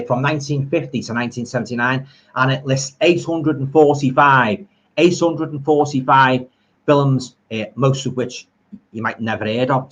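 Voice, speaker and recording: The audio is dull, carrying a slightly rough, mid-range voice from a middle-aged man with a Liverpool accent. As a horror film streamer broadcasting live from home, he reads viewer comments and rambles enthusiastically about old films in a homely way.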